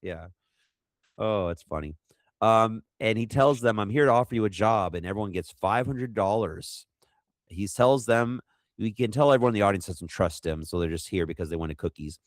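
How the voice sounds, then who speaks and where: A man co-hosting a podcast, rambling through a movie recap and acting out quotes in quick funny voices. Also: fairly low pitch, no room sound, clean studio sound. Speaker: podcast co-host. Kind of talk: casual movie recap chat.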